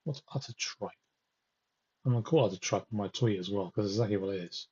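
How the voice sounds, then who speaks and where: A man with a fairly low, husky voice rants through election results on a live stream. He talks straight to his viewers, exasperated and scornful. The sound is dull and lo-fi. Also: steady tone, rapid-fire, mellow. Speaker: political livestream host.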